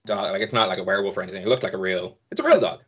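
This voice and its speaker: Man, game master, casual narration, low voice, dull lo-fi sound. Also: rapid-fire, slight background noise. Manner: casual, loose, with many fillers. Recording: dull lo-fi audio.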